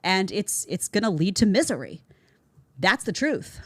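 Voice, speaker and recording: A woman's voice: mid-range voice, very animated, unhurried, husky, no room sound. A woman hosting a commentary show, giving blunt, sarcastic opinions on viral clips. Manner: blunt, sarcastic, mocks others in mimicking voices. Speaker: host.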